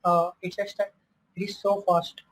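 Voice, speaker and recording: A male student on a video call, explaining his problem to a teacher in a hesitant, halting way. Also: sits high, flat delivery, a bit bright, low-quality recording.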